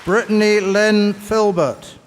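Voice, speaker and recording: A man announcing graduates' names at a commencement in a formal, measured way, through a podium microphone. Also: high voice, steady tone. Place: large commencement hall. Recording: echoey hall over a PA with crowd noise.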